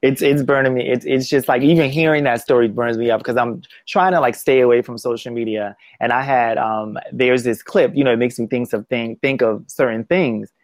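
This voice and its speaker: A man's voice: mid-range voice, fairly even intonation, no room sound. Emotional man in a dry, close recording. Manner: emotional, halting, many restarts. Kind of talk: casual conversation.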